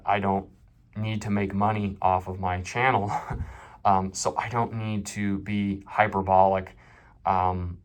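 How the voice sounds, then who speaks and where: Deep-voiced man giving an off-the-cuff review. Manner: candid, off-the-cuff, self-deprecating. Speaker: tech channel host. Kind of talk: unscripted phone review.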